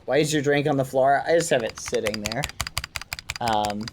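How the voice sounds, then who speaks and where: A man's voice: medium pitch, moderate pace, heavy background noise. A man streaming while he plays a game, chatting casually to his viewers and swapping swearing for mild exclamations. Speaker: livestreamer. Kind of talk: casual live-stream chat while gaming. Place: home gaming setup. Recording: keyboard clicks and typing behind.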